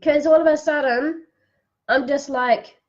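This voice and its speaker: A woman giving a psychic reading on a live stream, tearful, speaking in a slow, soothing way as she guides breathing. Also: high-pitched, fairly even intonation, highs cut off.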